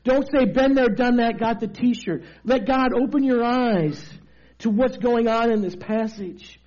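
A man preaching a lively, joking sermon, calling for amens from the crowd. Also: very high voice, a little slow, muffled recording. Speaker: pastor.

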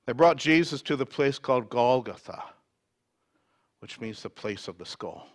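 A man preaching a sermon, reading scripture dramatically and swinging from loud emphasis to near whispers. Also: medium pitch, normal speed, pauses often, no room sound.

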